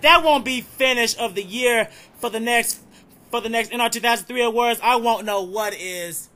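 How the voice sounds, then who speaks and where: A young man calling a simulated stock car race as play-by-play commentator, excitable and shouting through close finishes. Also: very high-pitched, moderate pace. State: out of breath. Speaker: sim racing league commentator.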